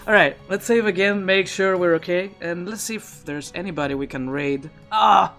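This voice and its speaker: Faint music plays behind a male Twitch streamer who talks fairly quickly in a high, somewhat bright voice. Speaking into his own streaming microphone, he rambles loosely through live gameplay commentary, often restarting sentences.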